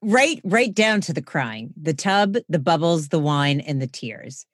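A woman co-host with a very low voice, chatting casually on a podcast. She teases affectionately, and the sound is dry and close. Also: animated, unhurried, no echo.

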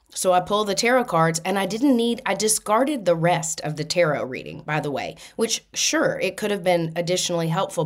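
A woman host telling a personal story in a casual, animated monologue, laughing now and then. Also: fairly low pitch.

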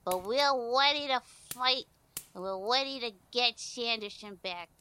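Lady putting on a loud bratty teddy bear guy, high bright voice, slow drawl. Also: slight background noise. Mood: rattled. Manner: brash, blustery. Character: gruff tough-talking male teddy bear.

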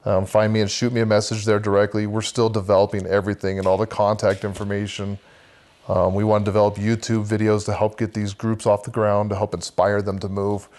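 A man's voice: lowish voice, level tone, brisk, a little mellow. A man, guest on a podcast, earnestly telling a vivid personal faith story and talking about leading a men's church group.

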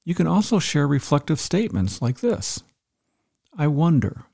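Gravelly, husky middle-aged male teacher. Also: on the high side, big pitch swings, moderate pace, darkish tone. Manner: earnest, explanatory, repeats key points. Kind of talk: instructional talk.

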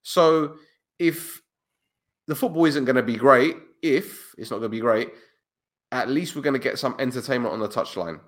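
A man co-hosting a casual football podcast, speaking in a relaxed, blunt and opinionated way about insider club news. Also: mid-range voice, moderate pace. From Cyprus. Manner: laid-back, blunt, opinionated.

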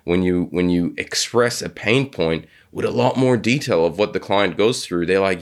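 A man hosting a business podcast, talking in a halting way with many restarts and telling a personal anecdote. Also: low voice. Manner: hesitant, many restarts and repeated words; storytelling, acts out quoted speech. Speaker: podcast host. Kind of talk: conversational interview.

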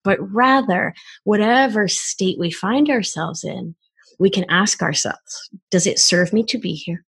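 A woman in her forties, a wellness expert talking in a casual podcast conversation, animated and expressive. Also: medium pitch, measured pace, gravelly, husky. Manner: animated, acts out child voices in quotes.

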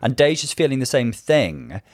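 A man's voice: mid-range voice, animated, moderate pace, a little mellow, no echo, clean studio sound. A man co-hosting a casual podcast recap, explaining things at length in an easygoing way with a ready laugh. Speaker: podcast co-host. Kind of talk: casual chat recapping a TV show.

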